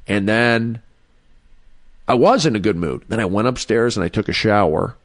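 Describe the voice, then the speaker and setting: A comedian guest on a podcast, a man with a lowish voice, tells a personal story at a moderate pace in a dry, studio-quality recording. His casual, rambling storytelling is full of fillers and restarts.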